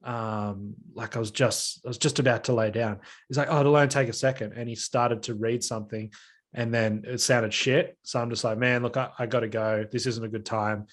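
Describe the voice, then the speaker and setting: A man's voice: mid-range voice, flat delivery, normal speed. Aussie guy on a podcast, chatty, tells stories and does the voices of the people in them. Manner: storytelling with acted-out quotes. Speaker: podcast co-host. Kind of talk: casual chat.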